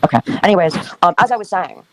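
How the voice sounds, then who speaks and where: Man, quick sarcastic stream talk, dismissive, slightly high voice. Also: expressive, slight background noise. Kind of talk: stream chat.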